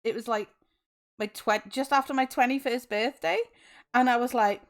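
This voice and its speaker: A woman's voice: fairly high pitch, fairly even intonation, moderate pace. A Welsh woman in her twenties chatting on a stream, chatty and giggly with lots of fillers. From Wales. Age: 20s. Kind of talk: casual chat.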